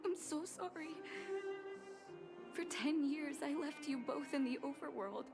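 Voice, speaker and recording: A woman voicing a caring, soft-spoken grown daughter in a video game, gentle and earnest. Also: high-pitched, measured pace, over music. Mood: tender.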